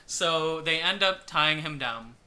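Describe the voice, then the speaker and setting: A man's voice: on the high side, animated, slow pace, bright, forceful tone, smooth. A man co-hosting a podcast, casually recapping a movie, swearing, laughing and acting out the characters' lines. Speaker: podcast co-host.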